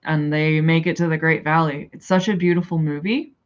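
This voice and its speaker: A woman's voice: low voice, fairly even intonation, fairly quick, muffled recording. A woman chatting casually with viewers in a rambling, hesitant way.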